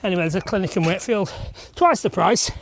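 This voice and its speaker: A man's voice: sits high, fast, fairly bright tone. A man, rambling and self-deprecating as he chats to camera while laying blocks on an outdoor building site. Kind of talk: casual vlog chat while working. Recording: noisy outdoor recording.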